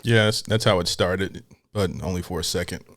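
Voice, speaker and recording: A man hosts a reaction video in casual, hyped-up commentary. His voice sits slightly low. The recording is dry and close. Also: steady tone, moderate pace, fairly bright tone, no echo. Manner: hyped, chatty.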